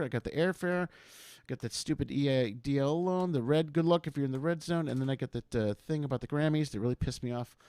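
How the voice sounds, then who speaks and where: A man's voice: medium pitch, dry recording, clean studio sound. A man in his fifties hosting a live-streamed comedy show, rambling casually with many fillers and greeting viewers by name. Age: 50s.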